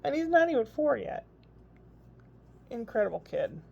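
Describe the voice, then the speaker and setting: A woman's voice: fairly high pitch, very animated, moderate pace, gravelly, dark tone, husky. An older woman, a grandmother, chatting in a rambling, casual video diary. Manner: chatty, rambling, frequent laughs. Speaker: vlogger. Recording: dull lo-fi recording.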